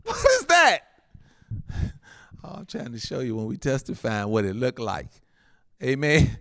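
A man preaching as a pastor, animated and laughing often, with frequent amens. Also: mid-range voice, moderate pace, creaky. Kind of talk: sermon.

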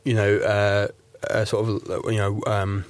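Speaking slowly in a lowish voice with little pitch movement, this guest commentator shares his opinions in a radio studio, and the recording has no echo. He's an English man from South Yorkshire whose accent is nondescript. His talk wanders, packed with "you know" and "like."

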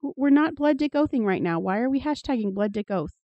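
A woman's voice: sits high, expressive, fast talker, dry recording, dull audio. Sardonic woman reading and mocking scripture. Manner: sardonic, swears freely, reads passages aloud with commentary. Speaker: podcast co-host reading scripture. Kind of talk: casual irreverent chat.

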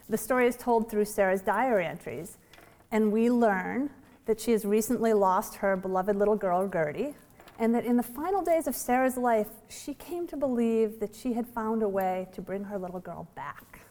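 A novelist in her forties telling the story behind her book in a chatty, animated way, with light laughs and fillers. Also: fairly high pitch, moderate pace. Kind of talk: storytelling author talk. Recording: long hall reverb.

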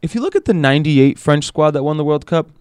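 A man co-hosting a casual podcast chat, animated and sarcastic, often acting out the people he quotes. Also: a little high, quick pace, smooth, no room sound, clean studio sound. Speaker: podcast co-host.

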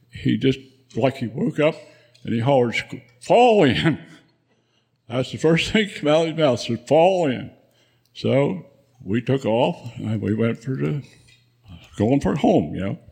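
A man's voice: medium pitch, creaky, a little mellow, slightly rough. A man in his nineties, a veteran guest, telling rambling war memories with frequent chuckles at a live event. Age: 90s. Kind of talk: spoken war memoir.

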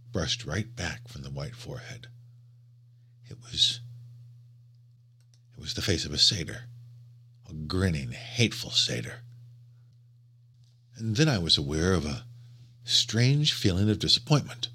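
A man reading a first-person story aloud with dramatic, hushed delivery. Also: a bass voice, slightly rough. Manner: dramatic, hushed then rising to agitated. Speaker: narrator.

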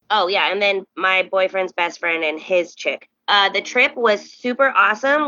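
A young woman hosting a podcast, telling a story in casual chat and acting out the quoted voices with high, animated bursts. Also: no room sound, dull audio. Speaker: podcast host.

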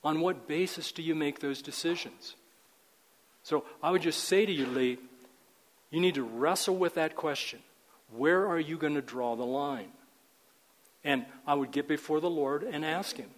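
A man's voice: a little high, moderate pace, long reverb tail, poor audio. An older man teaching a men's group in a sermon style, earnest and emphatic, often repeating words.

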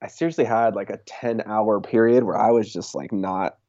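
A young man talking casually in an interview, relaxed and full of fillers like "like" and "you know.". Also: fairly low pitch, moderate pace, no echo, highs cut off. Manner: relaxed, filler-heavy, laughs often. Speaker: interviewed race champion.

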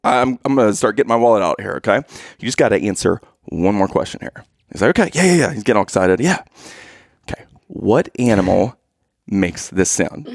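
Gravelly-voiced man cracking dad jokes. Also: fairly low pitch, a little fast, dry recording, clean studio sound. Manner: laughs at his own jokes, playful. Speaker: joke-telling husband. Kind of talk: casual dad-joke storytelling.

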